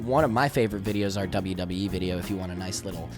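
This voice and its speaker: A man telling a story as a guest in casual chat, animated and often laughing. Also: deep voice, racing, faint music behind.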